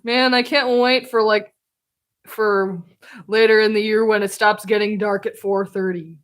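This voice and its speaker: A woman's voice: mid-range voice, fairly even intonation, unhurried. A woman live-streaming while drawing, chatting casually in a self-deprecating way and laughing often.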